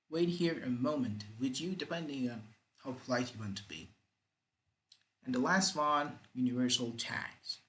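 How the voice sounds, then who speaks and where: Slow, deliberate male English teacher. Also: medium pitch, expressive, fairly bright tone, poor audio. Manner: slow, deliberate, repeats examples with exaggerated rising and falling intonation. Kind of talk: grammar lesson.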